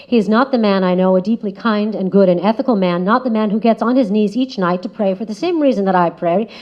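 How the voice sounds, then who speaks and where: A woman giving a prepared spoken essay as a guest speaker, measured and reflective, often letting her phrases trail off softly. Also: mid-range voice. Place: lecture room. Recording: slightly dull lo-fi audio.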